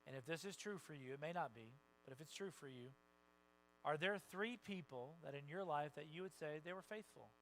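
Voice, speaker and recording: Animated male pastor preaching. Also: on the high side, fairly quick, a little hiss or hum, rough recording. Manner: animated, conversational preaching with quoted voices and sudden loud rises. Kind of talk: sermon. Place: church sanctuary.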